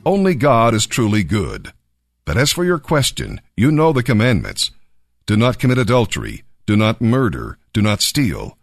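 A man reading aloud, voicing Jesus as a calm, solemn teacher with a measured, earnest delivery. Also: lowish voice, no echo, clean studio sound, soft background music, heavily acted.

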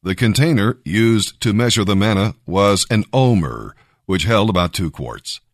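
A man narrating a scripted devotional Bible reading, measured and emphatic. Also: fairly low pitch, animated, no echo, studio quality.

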